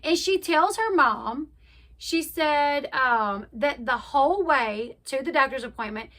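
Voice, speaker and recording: A young woman with a high, bright voice talks through a reality show recap in a loose, chatty way. She gives her opinions freely and acts out what each person said, with plenty of fillers along the way. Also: animated, a little slow. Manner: chatty, opinionated, retells scenes by acting out quotes. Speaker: reality TV commentary host. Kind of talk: casual recap commentary.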